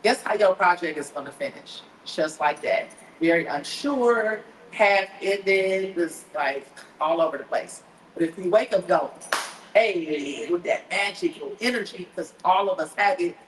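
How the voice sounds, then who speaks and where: A woman with a fairly low voice delivers a motivational talk, animated and preachy, slipping into other people's voices to make her points. Her voice carries in an echoey room, with faint ambient noise behind her. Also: measured pace. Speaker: podcast host. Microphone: live stream setup.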